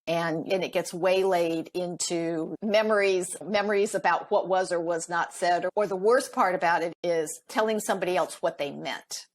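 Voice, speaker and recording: Animated woman relationship coach. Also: lowish voice, moderate pace, few pauses. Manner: animated, laughs often, acts out quoted dialogue. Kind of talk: podcast interview.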